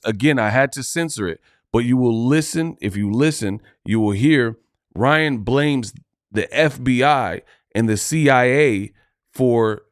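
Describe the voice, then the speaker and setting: A man's voice: medium pitch, no echo. Dry-voiced man talking over clips. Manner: loose, conversational, drawn-out delivery. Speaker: boxing commentary host. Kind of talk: casual video commentary.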